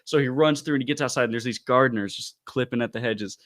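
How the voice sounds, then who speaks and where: A man co-hosting a casual podcast, retelling a story in an animated way with loose asides. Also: mid-range voice, fast. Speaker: podcast co-host reviewing comics.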